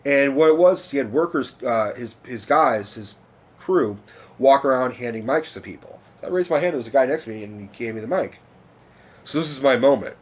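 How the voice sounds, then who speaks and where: A man telling a long personal story in a casual vlog rant, rambling and excitable, swearing often and restarting his sentences. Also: mid-range voice, fairly quick, breathy edge. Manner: rambling, excitable, profane, many fillers and restarts. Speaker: vlogger.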